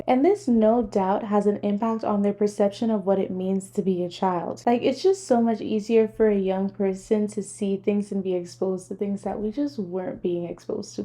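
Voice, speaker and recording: A woman's voice: medium pitch, dark tone. A young adult woman delivering scripted, earnest and critical commentary as a vlogger.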